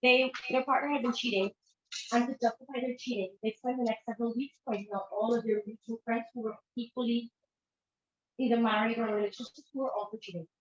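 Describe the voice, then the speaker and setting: A woman with a fairly high voice gives a relaxed conference talk as a therapist, chatting with the audience and slipping into little acted-out quotes. Her voice carries through a roomy hall, and the recording sounds dull and lo-fi. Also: quick pace. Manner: conversational, acts out quoted dialogue with shifting voices. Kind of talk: informal lecture presentation. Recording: echoey room, dull lo-fi sound.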